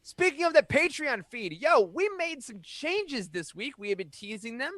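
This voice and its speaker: A podcast host runs through weekly updates in an upbeat, chatty manner. His voice sits high for a man, and the recording is dry with no room sound. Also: big pitch swings, moderate pace, pushed and bright, no room sound. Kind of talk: casual podcast announcements.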